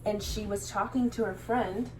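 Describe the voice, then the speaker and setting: Young female youth leader, chatty and animated, faint room hum. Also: medium pitch, normal speed. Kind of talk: casual chat while cooking.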